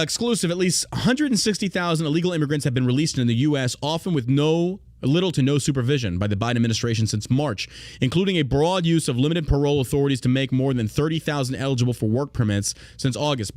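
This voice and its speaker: A man's voice: medium pitch, quick pace, darkish tone, no room sound. A man hosting a political podcast, reading news aloud and ranting in a heated, profane way. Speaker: podcast host.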